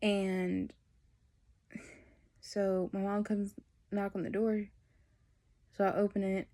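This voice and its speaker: Young woman, vlogger, candid and rambling, level delivery, soft warm tone. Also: medium pitch, little pitch movement, slow pace. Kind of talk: personal storytelling.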